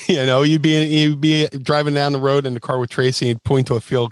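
A man's voice: medium pitch, level tone, normal speed, no room sound. A man telling stories as a guest in casual chat, acting out quotes and sound effects. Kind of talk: casual storytelling.

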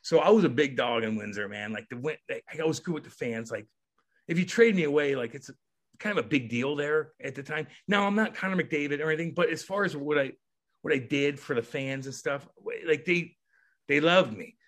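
A man, a former hockey player, telling a story as a guest on a podcast in a casual, animated way, swearing and acting out the voices in his story. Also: a little high, a little fast.

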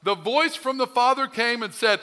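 A man's voice: very high voice, lively intonation, normal speed, bright, forceful tone. A male pastor preaching a sermon, emphatic and full of rhetorical questions.

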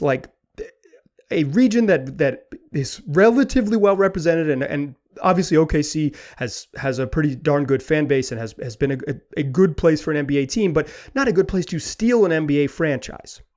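A man delivers a sports talk podcast monologue in a voice pitched a little above the usual. He rambles in an animated way, stumbles over his words and restarts his sentences often. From Pacific Northwest. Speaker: podcast host.

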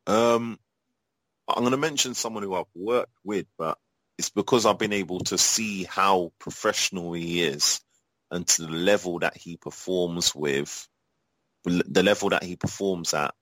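A man's voice: sits low, unhurried, fairly bright tone, no echo, low-quality recording. A man from Europe answering interview questions in a casual, rambling way, with many fillers and restarts and blunt, profane talk. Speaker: guest, adult performer.

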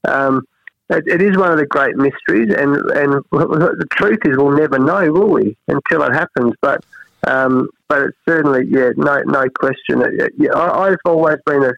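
A man's voice: on the high side, moderate pace, gravelly, lo-fi sound. An Australian man, a cricket head coach, reflecting earnestly in an interview, often restarting his sentences. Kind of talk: interview conversation.

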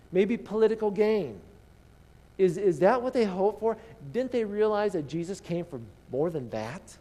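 A man preaching a sermon in a conversational, animated way, acting out the people in the story. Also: high-pitched. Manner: conversational, animated, acts out quotes. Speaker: pastor.

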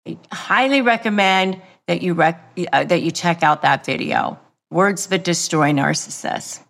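Slow, emphatic woman giving advice. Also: on the low side, creaky, a bit bright. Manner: emphatic, repetitive, measured delivery. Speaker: lawyer and negotiation coach. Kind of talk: motivational advice talk.

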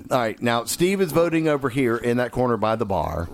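A man's voice: mid-range voice, very animated, fairly quick, creaky, a little hiss or hum. A man co-hosting a comedy podcast, improvising bawdy sketches and laughing often. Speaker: podcast co-host.

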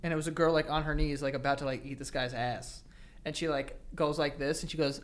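Young guy co-hosting a podcast, slightly high voice, rambly and loose, laughs a lot. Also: steady tone, fast. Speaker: podcast co-host. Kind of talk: casual chat.

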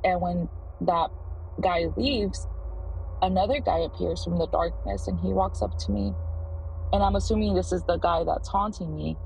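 A woman in her thirties earnestly recounting her own experience in a voicemail, with halting restarts. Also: fairly low pitch, creaky, a little mellow, a little hiss or hum, poor audio. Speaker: voicemail caller. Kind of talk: first-person story.

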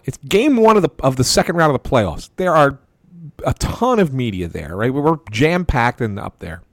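A man spins a sports-beat story in a casual, animated way, stumbling over his words and restarting often. His voice is mid-pitched and swings high when he gets worked up. The recording is close and dry. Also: no room sound. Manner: animated anecdote with quoted voices; restarts and stammers. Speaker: sports reporter.

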